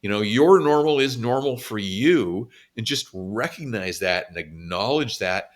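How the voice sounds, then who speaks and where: A man's voice: lowish voice, lively intonation, unhurried. A man co-hosting a podcast, reflecting earnestly in casual conversation and sharing his own experiences. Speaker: podcast co-host.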